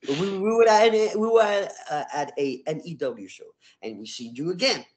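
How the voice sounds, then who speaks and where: A middle-aged man, a wrestler, telling stories in a casual interview, animated and full of swearing. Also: high-pitched, moderate pace, noisy background. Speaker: wrestler guest. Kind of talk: casual storytelling.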